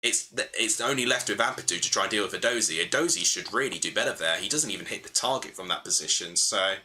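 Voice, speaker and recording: A man's voice: lowish voice, quick pace, pushed and bright, a little hiss or hum. A young man hosting a live football watchalong stream, calling the play and chatting with viewers as he thinks aloud. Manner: chatty, thinking aloud, answering chat between play calls. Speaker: livestream host.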